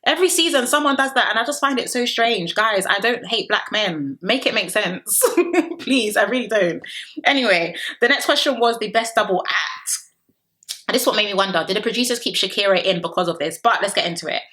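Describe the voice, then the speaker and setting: A woman's voice: medium pitch, expressive, a little fast, bright, forceful tone. A young woman reviewing a reality show in a chatty, sassy commentary vlog full of rhetorical questions.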